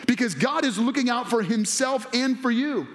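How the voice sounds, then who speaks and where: High-voiced, excitable male preacher. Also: moderate pace. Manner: excitable and animated, swinging between hushed and loud, half-laughing. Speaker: pastor. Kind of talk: sermon.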